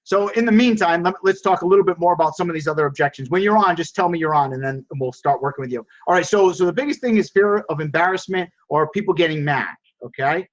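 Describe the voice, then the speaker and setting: A man coaching a group call on lowballing, energetic and coaxing, often repeating words. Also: fast, few pauses. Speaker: sales coach and host. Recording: dull lo-fi call audio.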